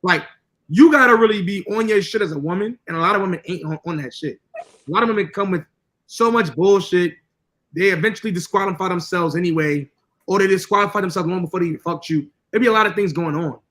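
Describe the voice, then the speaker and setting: A man's voice: sits high, fast, fairly bright tone, poor audio. A man co-hosting a podcast, talking casually in a blunt, profane, lecturing way. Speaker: podcast co-host.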